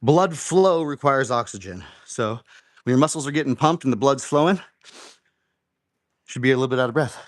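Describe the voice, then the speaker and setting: A man's voice: mid-range voice, lively intonation, moderate pace, long pauses, dry recording, clean studio sound. Man coaching a home workout live. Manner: encouraging, counts reps aloud. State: slightly out of breath. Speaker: fitness host.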